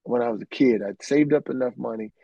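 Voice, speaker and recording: Gravelly man telling stories. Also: medium pitch, quick pace, no echo, muffled recording. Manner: rambling anecdotes with many restarts and "man". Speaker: interview guest, keyboardist. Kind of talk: casual storytelling.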